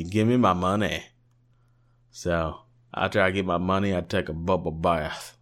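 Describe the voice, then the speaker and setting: A tired-sounding man with a low voice co-hosts a podcast at a moderate pace, yawning as he rambles and jokes through a casual chat thick with fillers.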